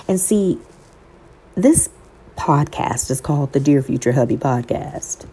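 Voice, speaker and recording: A woman's voice: rumbling low, expressive, moderate pace, dark tone, husky. A woman podcast host telling an emotional, faith-filled personal story, talking to listeners as y'all and quoting scripture in a sermon cadence.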